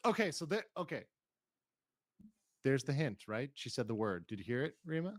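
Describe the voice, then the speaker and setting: A man's voice: mid-range voice, sing-song, moderate pace, dry recording, clean studio sound. A man hosting a stream, commenting on clips and reading chat aloud in a careful, hedging way. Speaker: streamer host. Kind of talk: casual commentary reacting to clips.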